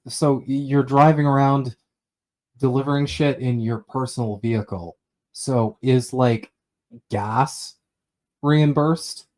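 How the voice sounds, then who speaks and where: A man co-hosts a casual talk podcast at an ordinary mid pitch. His talk is loose, full of fillers and curses, with a sardonic edge. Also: darkish tone. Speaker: podcast co-host. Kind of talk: casual chat.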